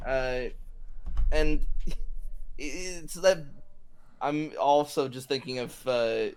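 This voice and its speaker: A man co-hosting a casual podcast chat, animated and laughing, often restarting his sentences. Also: fairly high pitch, takes it slowly, long pauses. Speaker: podcast co-host.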